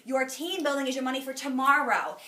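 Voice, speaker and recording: Far from the microphone in an echoey hall with a little hiss or hum, a middle-aged sales director addresses a group. Her high, bright, pushed voice moves a little fast through a preachy, chatty testimony, broken by occasional laughter.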